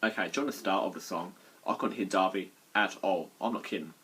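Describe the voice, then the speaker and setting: Husky, foul-mouthed mocking man. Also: low voice, quick pace, a bit bright. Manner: crude, mocking, swears freely. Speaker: album reviewer. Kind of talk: casual chat.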